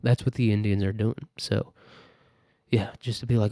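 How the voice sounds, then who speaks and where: A man's voice: on the low side, little pitch movement, moderate pace, pauses often, mellow, no room sound, studio quality. A man hosting a solo podcast, ranting in a profane, sarcastic, rambling way. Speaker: podcast host. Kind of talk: casual solo rant.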